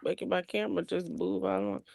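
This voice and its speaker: A woman's voice: fairly low pitch, sing-song, a little fast, creaky, darkish tone, dry recording. A young woman chatting casually on a livestream, greeting viewers and talking about her kids while burping a baby.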